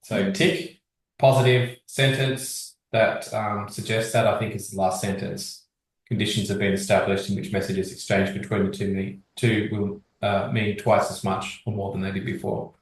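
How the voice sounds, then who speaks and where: A man teaching history revision, reading exam sources aloud at a steady pace and discussing them. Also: lowish voice, normal speed, distant mic. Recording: very echoey, from across the room.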